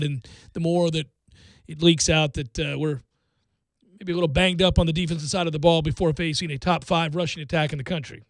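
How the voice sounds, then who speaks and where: A man hosting a sports radio show, giving betting picks in a joking, animated way. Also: on the high side, no echo. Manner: animated, jokey, breaks into mock singing.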